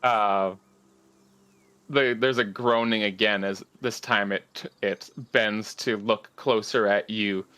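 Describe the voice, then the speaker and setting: A man narrating as game master in a tabletop game, halting with frequent fillers. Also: lowish voice, steady tone, sharp tone, smooth.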